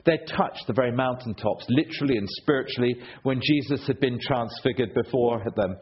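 A man preaching a sermon, telling stories with a rhetorical delivery that swings between loud and hushed. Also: mid-range voice, fairly quick, breathy edge. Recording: dull lo-fi recording.

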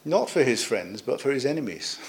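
A middle-aged man delivers a sermon in a relaxed, conversational manner. His voice sits at an ordinary pitch. He slips in gentle jokes and pauses now and then with small fillers. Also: gravelly. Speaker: preacher. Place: church, services also on video call.

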